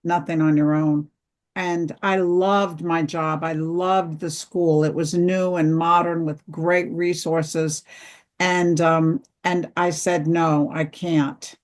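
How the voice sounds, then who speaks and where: A middle-aged woman, an author and interview guest, telling a personal story slowly and earnestly, acting out the dialogue. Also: on the low side, flat delivery.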